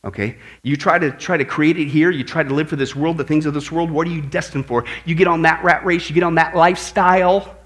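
A male pastor preaching an animated sermon, exclaiming and asking his listeners questions. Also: on the high side, fairly quick.

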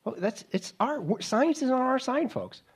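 A man's voice: extremely high pitch, very animated, normal speed, husky. A man preaching a sermon to an audience, sarcastic and mocking, with many rhetorical questions.

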